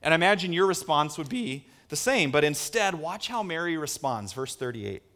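A man with a somewhat high voice delivers a sermon. He talks earnestly and leans on rhetorical questions. He swings between hushed asides and emphatic lines. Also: big pitch swings, normal speed. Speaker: pastor.

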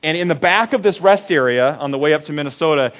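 A man preaching a sermon, telling a childhood story with acted-out voices and big swings between loud and soft. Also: a little high, animated, quick pace. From Iowa. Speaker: pastor.

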